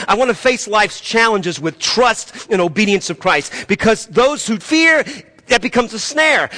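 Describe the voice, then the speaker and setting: A pastor preaching a sermon, swinging between loud emphatic peaks and quieter asides. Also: male voice, sits high.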